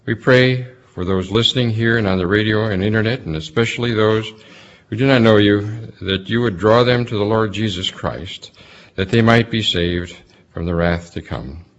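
A man leading a formal congregational prayer in a measured cadence. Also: lowish voice, muffled recording. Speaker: church leader leading prayer. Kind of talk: public prayer.

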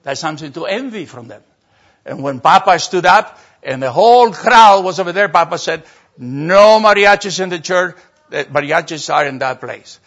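An older man, a pastor telling a story in a sermon, animated and acting out voices. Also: a little high, normal speed. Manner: animated, acts out voices and laughter. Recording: dull lo-fi sermon recording.

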